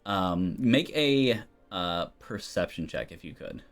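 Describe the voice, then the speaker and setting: Low-voiced man running a tabletop game. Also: slow. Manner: relaxed, loose, many ums. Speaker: game master.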